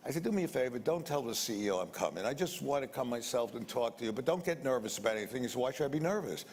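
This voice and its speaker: In an interview, an older man spins a rambling anecdote in colloquial speech, repeating sound words. His medium-pitched voice is animated and very fast with a darkish tone. The room is reverberant, with faint noise.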